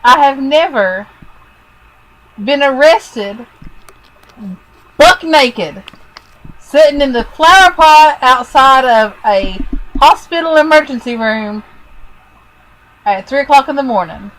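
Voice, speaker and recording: A woman's voice: high voice, animated, takes it slowly, long pauses, a bit bright, low-quality recording. A woman from Kentucky co-hosting a podcast, playful and teasing as she reads out strange news stories. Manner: playful, lightly teasing storyteller. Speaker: podcast co-host. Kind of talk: casual chat, reading news stories.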